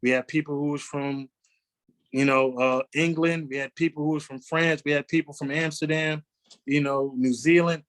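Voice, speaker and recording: A man in his forties, a comedian telling animated stories in a casual interview and slipping into quoted voices. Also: a little high, moderate pace. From New York. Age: 40s. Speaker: guest comedian.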